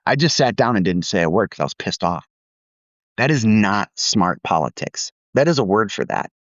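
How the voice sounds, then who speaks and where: A man's voice: on the low side, very animated, normal speed, no room sound, muffled recording. A man co-hosting a podcast tells a candid work story. He pokes fun at himself and laughs as he talks. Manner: candid, self-deprecating, laughs while telling stories. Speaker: podcast co-host.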